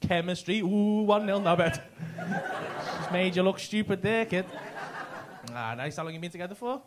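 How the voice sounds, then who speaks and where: High-pitched sweary comedian. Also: male voice, normal speed. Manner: teasing, sweary, banter with audience members. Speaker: stand-up comedian. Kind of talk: crowd work at a comedy club. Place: comedy club stage. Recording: live club with loud audience noise.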